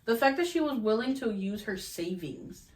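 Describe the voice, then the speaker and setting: A woman of twenty-one chats on her podcast with a loose, animated storyteller's delivery. Her voice rises and falls widely as she talks, and she swears freely. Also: on the high side, moderate pace. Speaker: podcast host. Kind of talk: casual podcast chat.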